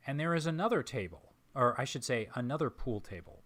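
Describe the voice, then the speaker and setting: A man narrating as game master of a tabletop role-playing game, describing scenes in a measured, pausing way. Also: medium pitch, expressive, fairly bright tone. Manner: measured, descriptive, with frequent pauses.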